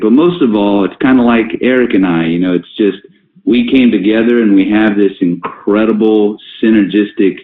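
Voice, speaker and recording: Low-voiced man on an echoey phone line. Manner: rambling, many fillers and restarts. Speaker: company executive hosting a conference call. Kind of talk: casual conference-call talk. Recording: tinny phone line with roomy echo.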